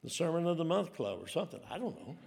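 Folksy man, gravelly, in a hall. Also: a little high, very animated, quick pace, darkish tone. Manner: folksy, rambling, self-deprecating. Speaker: preacher. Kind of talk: storytelling sermon. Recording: long hall reverb.

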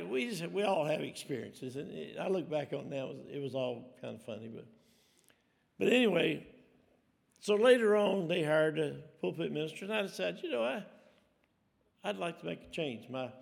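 A man's voice: a little high, vocal fry. A middle-aged man, telling rambling, self-deprecating stories from the pulpit. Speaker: preacher. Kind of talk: storytelling sermon. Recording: long hall reverb.

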